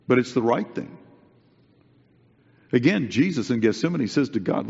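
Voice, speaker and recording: A male preacher delivers an earnest, conversational sermon, emphasizing points by repeating them. His mid-range voice is sing-song, creaky, a little mellow and slightly rough, at normal speed with long pauses. Long hall reverb fills the dull recording.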